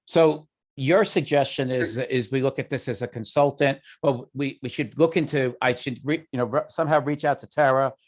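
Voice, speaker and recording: A man with a Long Island accent leads a committee meeting in a relaxed, conversational way, working his thoughts out aloud. His voice sits at an ordinary pitch for a man. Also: normal speed. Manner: easygoing, conversational, thinks aloud. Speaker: committee chair. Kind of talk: meeting discussion.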